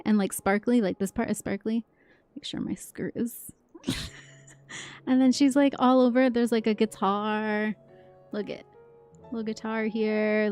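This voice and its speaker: A giggly woman streamer talking casually into a desk mic while she plays. She speaks slowly and lazily, with a gravelly, fry-heavy voice, and faint music plays behind her. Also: medium pitch. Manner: giggly, chatty, reacting to chat. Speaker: game streamer. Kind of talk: casual livestream chat.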